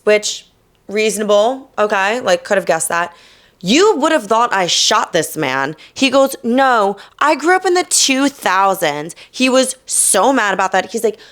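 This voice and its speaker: Sassy young woman telling a story. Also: lowish voice. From New Jersey. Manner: animated, swearing, mock-quoting others with sass. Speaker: podcast host. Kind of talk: casual storytelling.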